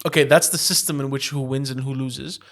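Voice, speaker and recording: A man's voice: medium pitch, steady tone, brisk, a bit bright. A man co-hosting a podcast in casual chat, joking and teasing his co-host. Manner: teasing, jokey.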